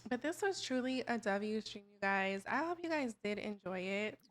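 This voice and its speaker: A woman streamer playfully hosting a dating-show game with a sassy, animated delivery. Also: mid-range voice, normal speed, over music.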